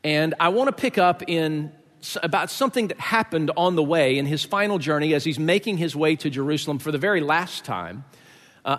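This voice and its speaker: A male pastor preaching a sermon in a conversational, joking way with many fillers. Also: a little high. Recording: echoey hall.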